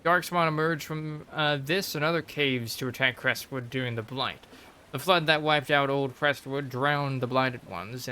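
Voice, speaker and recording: A man's voice: mid-range voice, sharp tone, a little hiss or hum. A young man streaming a game, reading lore entries aloud with emphasis and stumbling over odd names. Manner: reads with emphasis, trips over strange names.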